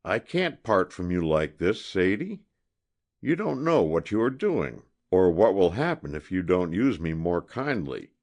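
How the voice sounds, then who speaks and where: A man's voice: deep voice, very animated, unhurried, darkish tone, full character voice. A man voicing a jealous, volatile young hunter in an audiobook, pleading and then savagely threatening. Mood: desperate. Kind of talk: audiobook character reading.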